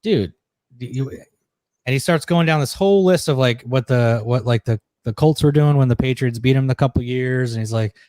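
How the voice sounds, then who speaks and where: A man's voice: mid-range voice, moderate pace, warm tone, dry recording. A man co-hosting a podcast, telling stories in a rambling way with lots of filler words and casual swearing. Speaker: podcast co-host. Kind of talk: casual chat.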